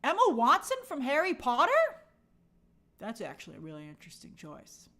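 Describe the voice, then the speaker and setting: A woman's voice: on the high side, sing-song, brisk, sharp tone. A woman hosting a live movie news stream, chatting and reading viewer comments with frequent restarts and opinionated asides.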